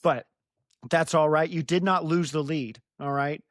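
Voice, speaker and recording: A man's voice: a little high, steady tone, unhurried, no echo, clean studio sound. A young American man hosting a podcast, recapping chapters in a rambling, self-deprecating way and laughing easily. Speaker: podcast host. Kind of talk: casual recap chat.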